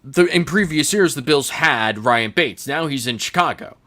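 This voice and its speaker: A man's voice: on the high side, expressive, normal speed, bright, forceful tone. A man hosting a casual sports podcast, talking in a chatty, rambling way and laughing easily. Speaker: podcast host.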